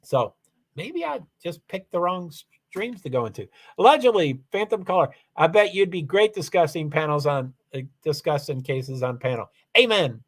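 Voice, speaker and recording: Male livestream host, slightly high-pitched, loose and rambling, reads out chat and clicks through settings. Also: sing-song, moderate pace. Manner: rambling, repeats "allegedly", frequent restarts; talks through software settings step by step. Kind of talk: casual livestream chat, reading comments.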